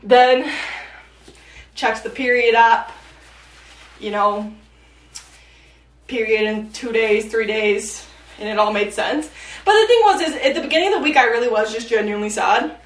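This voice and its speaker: A woman's voice: fairly high pitch, expressive, normal speed, long pauses. Chatty teenage girl in an echoey room. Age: late teens. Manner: chatty, meandering, frequent fillers. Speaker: podcast host. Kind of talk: casual rambling chat. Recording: echoey room, mic at a distance.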